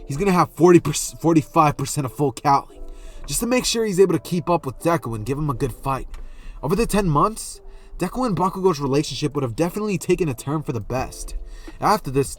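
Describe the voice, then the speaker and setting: A man's voice: fairly high pitch, fairly bright tone. A man casually improvising a fan story, rambling and often correcting himself.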